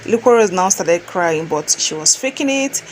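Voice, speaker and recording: A woman with a Nigerian accent narrating a love story in a plain, steady way. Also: fairly low pitch, moderate pace, a little hiss or hum, low-quality recording.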